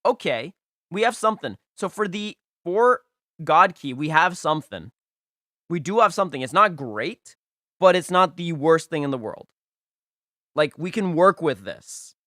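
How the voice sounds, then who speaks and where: A young man hosts a casual live stream, talking through viewers' game teams. His voice sits a little high and has a bright, forceful edge. He is emphatic and playful, hammering points home by repeating them. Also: expressive, unhurried, no room sound, studio quality. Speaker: livestream host rating viewers' game teams.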